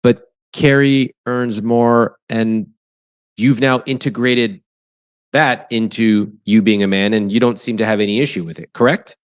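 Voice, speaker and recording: A man's voice: fairly low pitch, steady tone, a little slow, clean tone, dry recording. A man hosting a money podcast, asking a couple pointed questions and affirming their answers directly. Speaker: podcast host, money coach. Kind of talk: probing interview with a couple.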